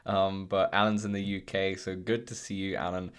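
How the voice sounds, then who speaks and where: A man's voice: low voice, flat delivery, normal speed, smooth. A man hosting a casual VR podcast livestream, rambling with frequent ums and restarts. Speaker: podcast host.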